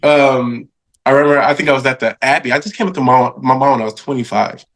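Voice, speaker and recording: A man in his thirties, a podcast guest, telling stories in a casual, animated way, laughing often and acting out what people said. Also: medium pitch, fast. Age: 30s. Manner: animated, laughing, acts out quoted voices. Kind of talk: casual storytelling interview.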